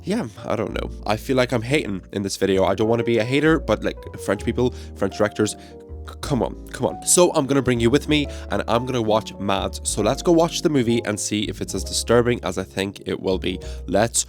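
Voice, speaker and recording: A man's voice: mid-range voice, expressive, a little fast, few pauses, faint music behind. Chatty, swearing man vlogging. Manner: chatty, swears freely, jokey asides. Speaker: movie review vlogger. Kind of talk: casual vlog chat. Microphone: phone mic.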